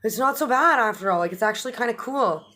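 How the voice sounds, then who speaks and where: A woman's voice: on the high side, animated, fast, pushed and bright, pitched above the performer's own voice. A woman voicing the sun as a laid-back young party dude, slangy and swearing, gushing about what he learned.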